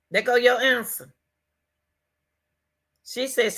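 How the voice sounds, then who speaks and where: A woman's voice: low voice, animated, takes it slowly, a bit bright. A woman hosting her own commentary stream, talking casually and emphatically to her viewers and repeating her points. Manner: emphatic, repeats phrases, talks straight to viewers. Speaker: commentary channel host. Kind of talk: casual commentary on a news case.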